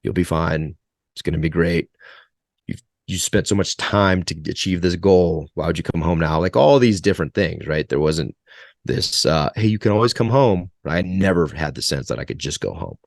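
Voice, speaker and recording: A man's voice: deep voice, normal speed, creaky, dry recording, clean studio sound. A man in his forties, a guest in an interview, telling stories in a rambling way with many restarts. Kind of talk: conversational interview storytelling.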